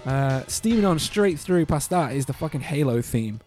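A man's voice: mid-range voice, expressive, moderate pace, darkish tone. A man co-hosting a podcast, chatting casually about game music, swearing freely and humming tunes as he talks. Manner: swears freely, hums and sings tunes mid-sentence. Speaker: podcast co-host.

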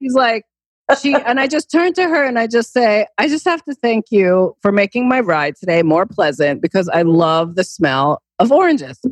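A woman hosting a podcast in a casual chat, upbeat and quick to agree. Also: medium pitch, animated, slightly rough, no room sound. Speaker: podcast host.

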